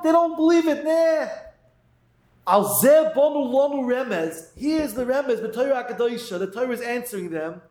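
A very high-voiced man delivers a sermon-style Torah talk. He reads Hebrew phrases slowly, then rushes through the English translation. The echoey room gives his voice a roomy ring. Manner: acts out doubters' voices in quotes. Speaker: rabbi giving a Torah talk.

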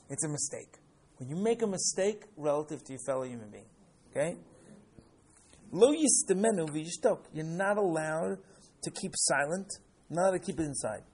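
Lively higher-voiced male teacher. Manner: animated, keeps asking "right?"; acts out examples with rising excitement. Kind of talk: classroom lecture.

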